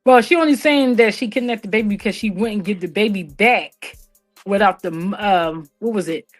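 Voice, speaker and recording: A woman's voice: mid-range voice, normal speed, faint music behind. Chatty woman hosting a live stream. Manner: chatty, addresses viewers directly. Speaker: live-stream commentary host. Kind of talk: casual live-stream commentary.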